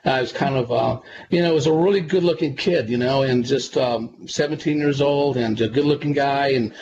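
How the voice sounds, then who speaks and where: A man, a psychic medium guest on a radio interview, telling stories in a relaxed, rambling way and repeating himself. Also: medium pitch, fairly quick. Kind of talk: conversational radio interview storytelling. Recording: dull lo-fi sound with clear background noise.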